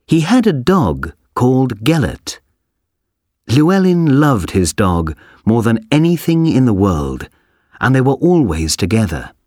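A man reading a story aloud for a language textbook, slowly, clearly and expressively. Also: mid-range voice, a little mellow, no room sound, clean studio sound. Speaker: audio reader for a textbook. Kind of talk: scripted storybook narration.

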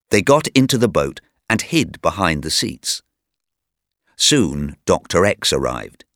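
A man narrating a simple story for language learners, slow, clear and deliberate. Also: sits low, fairly bright tone, no echo, clean studio sound. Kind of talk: slow graded reader narration.

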